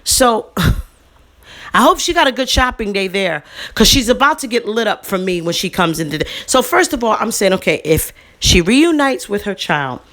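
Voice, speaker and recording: Indignant woman telling a heated story. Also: normal speed. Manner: indignant, animated, swings up in pitch for emphasis; talks casually with fillers and slang. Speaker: vlogger telling a personal story.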